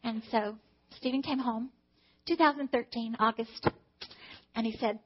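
High-voiced woman giving church testimony. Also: steady tone, a little slow, muffled recording. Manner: earnest and emotional, talking to God aloud. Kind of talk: personal testimony to a congregation.

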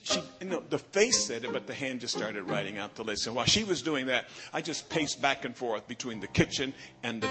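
A bishop in his sixties telling a personal story in a sermon, animated and imitating other preachers' drawling catchphrase. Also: medium pitch, fast, few pauses, music in the background.

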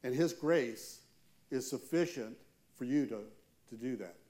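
A man, a church elder, preaching a sermon with earnest, slow, emphatic pauses. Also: medium pitch, warm tone.

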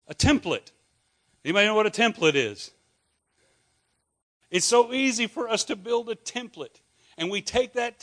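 Scottish male pastor, middle-aged, higher voice, chatty sermon with questions to the room. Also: fairly bright tone. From Scotland. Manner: conversational, asks the congregation questions, joking asides.

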